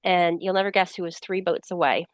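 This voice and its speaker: There's no room sound as a middle-aged woman writer, slightly sick with a cold, shares anecdotes in a relaxed interview. Her voice is lowish and a little fast, and she animatedly acts out what others said.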